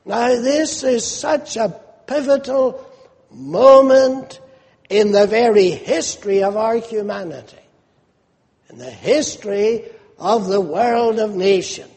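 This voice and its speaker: A man preaching a sermon, slow and emphatic, rising into animated rhetorical questions. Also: high voice, big-room sound.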